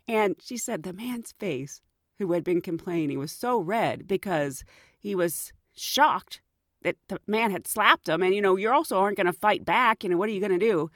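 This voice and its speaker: Casting: middle-aged woman podcast host, animated, laughs a lot, very lively up and down, dry close mic. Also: mid-range voice, moderate pace, no echo. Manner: chatty, laughs often, animated. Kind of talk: storytelling podcast.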